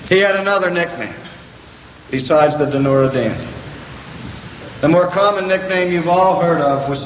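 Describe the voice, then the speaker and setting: An older man preaching a sermon to a gathering, slow and deliberate with dramatic pauses. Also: sits high, fairly bright tone, slight background noise. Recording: echoey hall from a distance.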